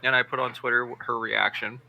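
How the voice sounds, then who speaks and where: A man's voice: mid-range voice, a little fast, creaky, muffled recording, slight background noise. A man co-hosting a casual streamed podcast, telling stories animatedly and acting out what people said, with lots of swearing. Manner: animated storyteller, acts out quotes, lots of swearing. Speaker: podcast co-host. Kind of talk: casual chat.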